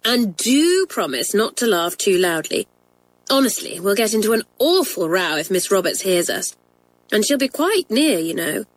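A woman's voice: mid-range voice, big pitch swings, normal speed. A woman voicing a mischievous schoolgirl prankster in a storybook reading, urgent and conspiratorial.

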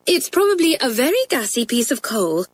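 A woman's voice: a little high, big pitch swings, normal speed, breathy edge, pitched above the performer's own voice. A woman voicing a nervous young schoolteacher in a storybook reading, anxious and flustered. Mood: soothing.

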